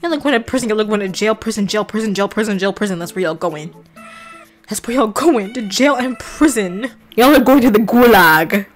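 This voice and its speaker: A young woman reacting loudly while playing a game, laughing and shrieking in playful shock. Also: medium pitch, brisk, faint music behind. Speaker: gaming vlogger.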